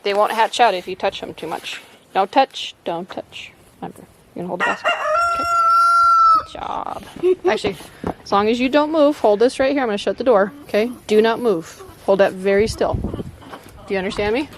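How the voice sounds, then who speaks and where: A woman's voice: medium pitch, animated, a little fast. A woman vlogging on her farm, patiently giving her small son short repeated instructions as she shows him how to feed the chickens. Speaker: homestead vlogger and mother. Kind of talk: casual instructions to her child. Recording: outdoor camera audio with clear farm noise. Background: chickens clucking.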